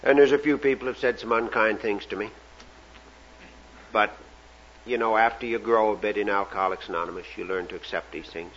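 A man's voice: fairly low pitch, brisk, a bit bright, highs cut off, slight background noise. Folksy man telling a joke. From Canada. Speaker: recovery meeting speaker. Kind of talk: storytelling talk to a meeting.

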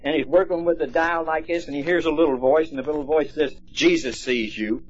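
A man's voice: on the high side, fairly even intonation, fast talker, darkish tone. A man speaking at a recovery meeting, telling stories in a folksy, plainspoken way. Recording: dull lo-fi recording, faint music.

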